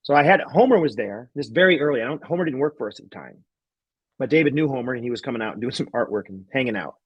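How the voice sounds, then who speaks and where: Husky man telling a rambling story. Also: medium pitch, expressive, fast talker, no echo, lo-fi sound. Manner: laughing, rambling anecdote with restarts. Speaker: guest magician. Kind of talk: casual storytelling chat.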